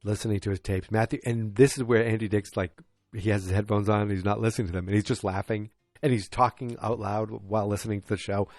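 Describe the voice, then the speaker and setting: A tired, yawning podcast host casually recaps an episode in a rambling way, packed with fillers and restarts, raising his voice to act out quoted lines. He's a fast talker with a fairly low, darkish voice and fairly even intonation, with no room sound.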